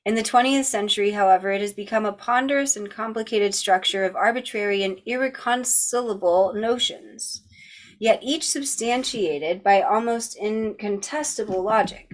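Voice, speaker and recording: A woman hosting a book club, reading a philosophy text aloud at an even pace and breaking off now and then for casual chatty asides. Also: medium pitch, normal speed.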